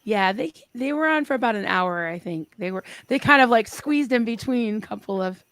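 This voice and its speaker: A woman co-hosting a live stream in casual chat, bubbly and quick to laugh, reading viewer comments aloud. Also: on the high side, animated, fairly bright tone, dry recording. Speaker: livestream co-host.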